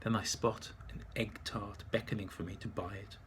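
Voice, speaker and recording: A man's voice: lowish voice, fairly even intonation, moderate pace, fairly bright tone, slight background noise. A man narrating his memoir in a dry, wry manner.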